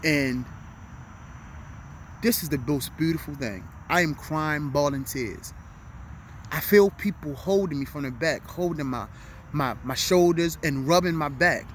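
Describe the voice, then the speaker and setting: An earnest middle-aged man talks outdoors on a city street as evening falls, his voice sitting a little higher than most men's. He speaks with open emotion, leaning on repeated phrases to drive his message home. Faint traffic sounds hum behind him. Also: measured pace. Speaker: vlog host. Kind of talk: heartfelt motivational talk. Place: outdoors at dusk, urban street.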